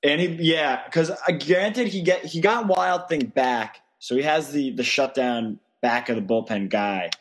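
A man's voice: medium pitch, measured pace, few pauses. A man co-hosting a casual sports podcast, giving opinionated, matter-of-fact takes. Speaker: podcast co-host.

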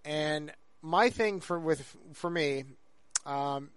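Slow and smooth, a man's fairly high voice carries a casual podcast chat in which he co-hosts, rambling with numerous fillers and restarts. No room sound is audible.

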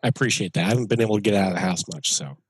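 A man's voice: lowish voice, rapid-fire, breathy edge, no room sound. A man from Massachusetts, a podcast guest on a video call, with dry self-deprecating humor. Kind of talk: casual podcast chat over a video call.

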